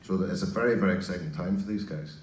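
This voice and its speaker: A fifty-year-old man speaks on a conference panel with a low voice, halting and restarting as he thinks. He is picked up from a distance in an echoey hall. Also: darkish tone, slight background noise. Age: 50s. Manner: hesitant, with many restarts and fillers.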